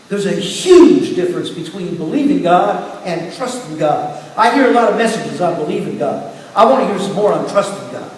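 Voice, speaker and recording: A middle-aged man pastor preaching a sermon with personal testimony, telling his story in turns quiet and emphatic. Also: high-pitched, big pitch swings, moderate pace. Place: church sanctuary. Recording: echoey hall from far off, faint hiss.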